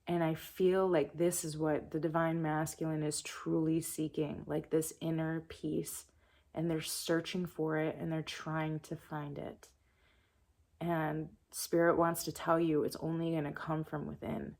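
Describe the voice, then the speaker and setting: Low, gravelly-voiced woman channeling calmly. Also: a little slow. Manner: calm, soft-spoken and meditative. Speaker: spiritual reader. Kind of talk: channeled spiritual message.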